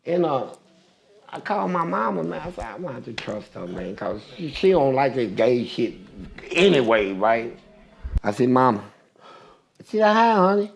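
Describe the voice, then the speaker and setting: Gravelly older man telling a story. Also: medium pitch, moderate pace. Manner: profane, animated storyteller. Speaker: interview guest.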